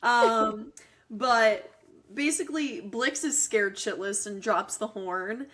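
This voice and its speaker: Bubbly joking woman, slightly high. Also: slow, a bit bright. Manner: chatty, joking, frequent likes. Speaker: podcast co-host. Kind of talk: casual movie chat.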